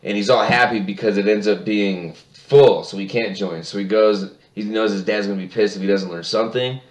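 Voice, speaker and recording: A man's voice: on the low side, steady tone, a little fast. A man co-hosting a casual chat, telling a story with lots of laughter and acting out the characters' lines. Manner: laughing storyteller, acts out voices. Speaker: podcast co-host. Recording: echoey room.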